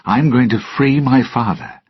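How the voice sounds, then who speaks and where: A man's voice: mid-range voice, measured pace, husky, dry recording, muffled recording, pitched above the performer's own voice. A man reading a storybook aloud and voicing a stubborn young swordsman in a raised, determined voice. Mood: defiant.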